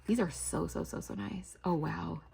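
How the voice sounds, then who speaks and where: A woman in her thirties chatting casually as she opens craft mail at home, gushing and excitable with lots of fillers and gasps. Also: on the low side, normal speed, creaky, slightly rough. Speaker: crafting channel host. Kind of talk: casual unboxing chat. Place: home, near garage.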